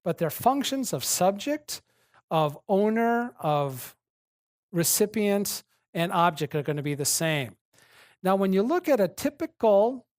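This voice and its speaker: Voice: medium pitch, darkish tone, no room sound, studio quality. Methodical lecturer drilling Greek noun endings. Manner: methodical, spells out and repeats paradigms. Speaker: Greek teacher. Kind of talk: classroom lecture.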